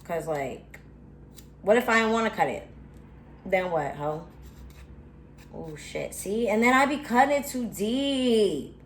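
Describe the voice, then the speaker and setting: A young woman vlogs casually while cooking in her home kitchen, talking to viewers, swearing and complaining dramatically. Her medium-pitched voice is animated but slow, with frequent pauses. The room echoes and there's faint background noise.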